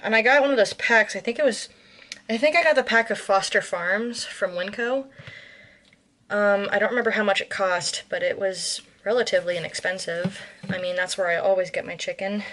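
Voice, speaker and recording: Chatting her way through a home cooking vlog, an American woman rambles loosely, filling gaps with ums, restarting sentences, and correcting herself. Her voice is mid-pitched and fairly bright, at a normal speed, with a bit of hiss or hum in the recording.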